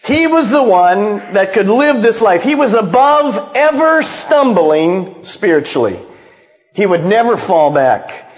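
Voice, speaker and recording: A man's voice: high-pitched, big pitch swings, takes it slowly. A male pastor preaching a sermon as a dramatic storyteller who acts out the quotes. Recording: long reverb of a large hall.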